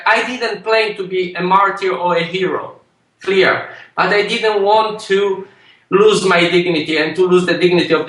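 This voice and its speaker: A man telling a personal story in an interview, earnest, talking in quick bursts and often restarting his sentences. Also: sits high, sharp tone. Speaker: interview guest. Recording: very echoey room, heard from a distance.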